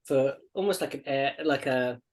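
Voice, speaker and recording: A woman running a tabletop game, narrating in a halting way with many pauses. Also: a bass voice, darkish tone. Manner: halting, full of ums and laughs. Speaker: game master.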